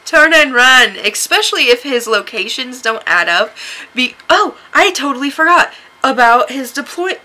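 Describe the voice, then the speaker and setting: Telling a story straight to camera, a US vlogger is sarcastic and laughs a lot, switching to a shrill, high voice to play out her own replies. She sounds expressive, bright and forceful at a normal speed, though the recording is rough.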